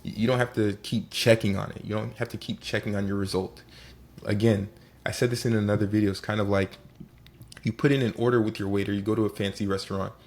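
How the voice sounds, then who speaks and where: A man giving a casual motivational talk as host, animated and acting out little scenes. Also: on the low side, fast.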